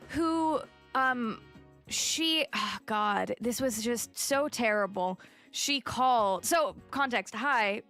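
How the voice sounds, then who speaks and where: A young woman chats casually on a live stream, greeting viewers one by one and rambling with lots of "like" and "um." Her voice is bright and forward. Soft music plays faintly underneath. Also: on the high side. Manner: chatty, greets viewers by name, many fillers.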